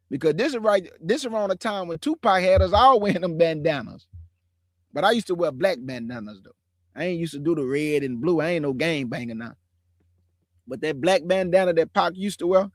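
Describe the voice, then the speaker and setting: A man's voice: high-pitched, dry recording, clean studio sound. Preachy man in his forties. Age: 40s. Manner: preachy, emphatic, repeats phrases, slangy street talk. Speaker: streamer. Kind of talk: casual testimony to an online audience.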